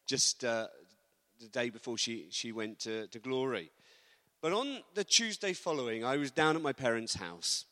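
A man's voice: mid-range voice, sharp tone. A man preaching an informal sermon in a church, telling personal stories in a chatty, joking way. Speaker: visiting preacher. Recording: long hall reverb.

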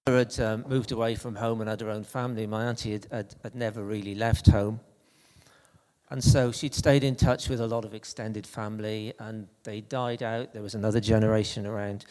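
A man delivers a sermon in a relaxed, conversational way, often stopping to restart his sentences. His voice is low and mellow. A long reverb hangs around him, as in a church hall. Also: a little fast. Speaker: preacher. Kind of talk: anecdotal sermon.

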